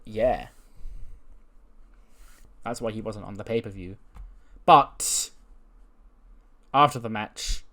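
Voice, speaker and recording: Chatty man recapping a game. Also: fairly low pitch. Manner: chatty, laughs and swears, restarts mid-sentence. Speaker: game commentator. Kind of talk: casual let's-play recap.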